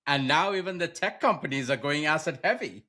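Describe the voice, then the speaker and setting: Bright-voiced man, chatty market talk. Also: on the high side, lively intonation, a little fast. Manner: hedging, conversational, laughs along. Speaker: podcast co-host, macro strategist.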